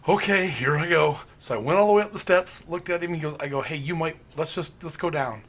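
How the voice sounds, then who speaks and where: Guy telling ghost hunt stories, bit high voice, acts out quotes, laughs a lot. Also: fast. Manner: animated storyteller, acts out quotes, laughs often. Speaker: paranormal investigator. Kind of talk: casual storytelling chat.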